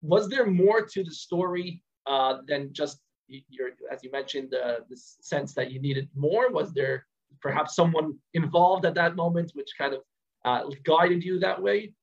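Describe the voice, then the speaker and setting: A man interviewing a guest, hesitant with many fillers and pauses. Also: a little high, dull audio. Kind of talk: interview questions.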